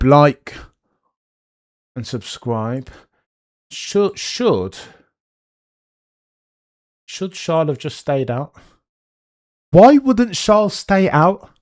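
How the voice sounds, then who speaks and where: A young man streaming live race commentary, chatty and animated, with excited bursts and muttered asides. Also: medium pitch, no room sound, clean studio sound.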